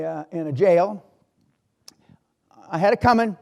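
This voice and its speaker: Older guy telling wild stories on stage, blunt and swears a lot, kinda high voice. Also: a little slow, pauses often. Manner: blunt storytelling, profane, swings from loud to quiet. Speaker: motivational speaker. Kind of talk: live motivational talk with stories. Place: university hall.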